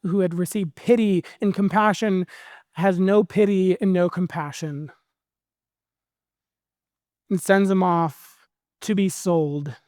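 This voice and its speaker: Animated, high-voiced preacher man. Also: takes it slowly, pauses often, no echo, clean studio sound. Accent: American. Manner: conversational, animated storytelling. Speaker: pastor. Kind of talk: sermon.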